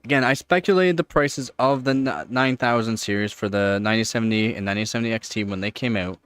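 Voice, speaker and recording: A man's voice: fairly low pitch, quick pace, fairly bright tone, smooth, no echo. A man with a Canadian accent, hosting a live stream and chatting casually, rambling and repeating points for emphasis. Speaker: livestream host.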